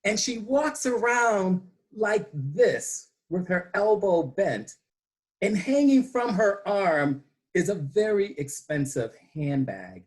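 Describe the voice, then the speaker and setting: A man delivers a prepared humorous speech to his club over a video call. He speaks slowly, leaning on dramatic pauses. His pitch rises and falls in a lively way as he tells the story.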